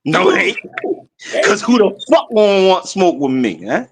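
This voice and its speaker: Guy on a podcast going off on a profane rant, high voice swinging all over the place. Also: moderate pace, gravelly. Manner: loud profane rants, animated. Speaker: podcast co-host. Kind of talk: casual comedic chat.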